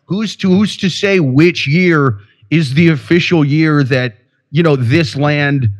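Podcast co-host, male, from Iowa, slightly higher voice, rambling and profane with constant restarts. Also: takes it slowly. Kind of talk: casual podcast banter.

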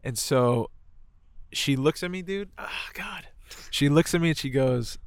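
A man's voice: mid-range voice, normal speed, clear, resonant tone, no room sound. A man telling a moving personal story in casual conversation, swearing often and filling his talk with "like" and "right". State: choked up.

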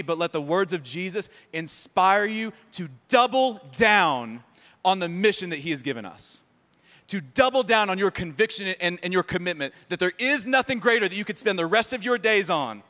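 Male pastor, high bright voice, animated sermon, long hall reverb. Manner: animated, joking and sarcastic, repeats words. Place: church sanctuary.

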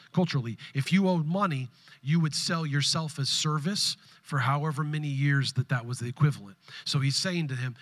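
A man, preaching a sermon to his congregation, swinging between loud bursts and hushed asides. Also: on the high side. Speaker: pastor. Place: church sanctuary with congregation.

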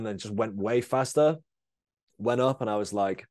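Casually chatting, a young man who rides BMX and is on as a guest tells a rambling, drawn-out injury story packed with swearing and fillers. He speaks at normal speed in a medium-pitched, slightly mellow voice, in a dry recording with clean studio sound.

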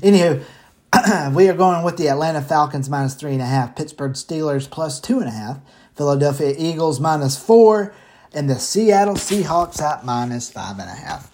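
A man's voice: on the high side, lively intonation, normal speed, darkish tone. Breathless man chatting football picks. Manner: chatty, rambling, swears casually. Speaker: sports picks host. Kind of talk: casual sports betting talk.

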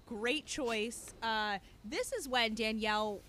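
A woman's voice: fairly high pitch, fairly bright tone, slight background noise. Blunt, opinionated woman in casual chat. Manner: blunt, opinionated, quick bursts of emphasis. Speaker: podcast co-host. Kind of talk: casual chat recapping a reality show.

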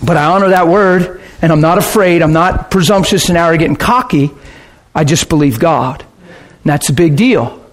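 A man preaching, telling a lively testimony story with laughter and a short sung passage. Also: a little high, moderate pace. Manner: animated storytelling, bursts of laughter, sings a hymn line. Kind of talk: testimony sermon.

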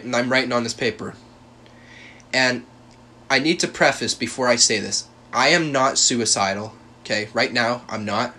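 Young male podcast host, tense bright voice, emphatic and profane, faint ambience behind. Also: medium pitch, slight background noise. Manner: heated, profane and emphatic, with many restarts and repeated words. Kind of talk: personal storytelling monologue.

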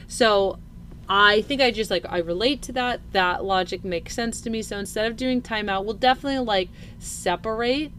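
A woman's voice: medium pitch, a little fast, a bit bright, a little hiss or hum. A woman in her thirties co-hosting a casual parenting chat, talking earnestly and thinking aloud with lots of fillers. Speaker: podcast co-host.

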